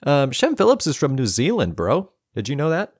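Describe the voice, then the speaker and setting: A man's voice: a little high, huge pitch swings, fairly quick, darkish tone, husky, dry recording. A man co-hosting a casual board game podcast, joking and rambling with a laugh often in his voice, recorded close and dry on a podcast mic. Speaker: podcast co-host. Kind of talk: casual chat.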